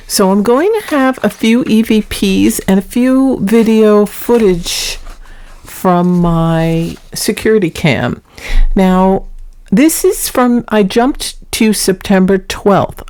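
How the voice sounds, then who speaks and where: A woman's voice: medium pitch, a little mellow. A middle-aged woman hosting her own paranormal vlog, chatting casually as she introduces recordings.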